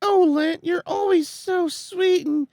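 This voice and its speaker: A woman's voice: very high voice, slow, a little mellow, pitched above the performer's own voice. A man voicing a gushing, lovestruck young female bunny in a game, swooning and breathless.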